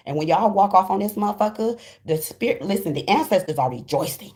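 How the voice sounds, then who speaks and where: A woman gives her viewers a casual tarot reading in a medium-pitched, darkish voice with lively intonation, with a little hiss or hum on the audio. She's blunt, profane and emphatic, fast-flowing and slangy, and acts out the voices she quotes.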